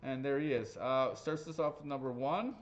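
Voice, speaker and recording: A man hosts raffle draws on a live stream in a loose, chatty way. He cracks jokes and swears freely as he goes, and his voice sits at a middling pitch. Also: moderate pace, lo-fi sound. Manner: casual, jokey, swears freely. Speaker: raffle host.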